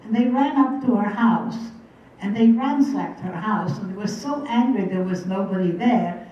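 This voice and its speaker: A woman's voice: medium pitch, normal speed. A woman in her eighties, a guest speaker, telling her personal story to an audience in an earnest, vivid way and repeating phrases for weight. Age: 80s. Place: large room with a live audience. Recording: distant, echoey, muffled hall recording.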